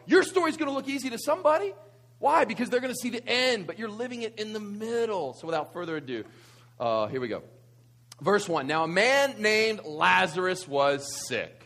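A man's voice: sits high, husky. A man, preaching a conversational sermon full of rhetorical questions and asides. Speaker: pastor.

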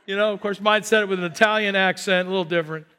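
A man's voice: sits high, fairly even intonation, very fast, pushed and bright, clean tone. A man, a pastor, preaching a sermon with emphatic repetition and call-and-response to the congregation.

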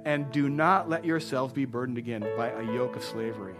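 A man preaching a sermon to a congregation as pastor, impassioned, repeating phrases and building to loud exclamations. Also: medium pitch, fairly even intonation, a little fast, music in the background. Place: church before a congregation.

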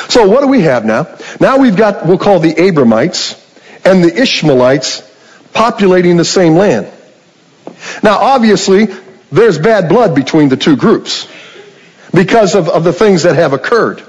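A man's voice: a little high, big pitch swings, moderate pace, darkish tone, breathy edge, in a large hall, highs cut off. Man preaching with rhetorical questions. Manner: conversational storytelling with rhetorical questions. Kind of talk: sermon.

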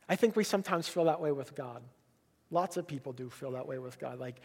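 High-voiced man preaching animatedly. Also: quick pace. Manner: animated, swings between loud emphasis and hushed quiet lines; conversational, asks the audience questions. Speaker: pastor. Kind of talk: sermon.

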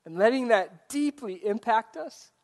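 A man's voice: very high voice, lively intonation, unhurried, darkish tone. A man preaching a sermon in an earnest way, asking his listeners direct questions. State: choked up, coughing. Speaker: pastor.

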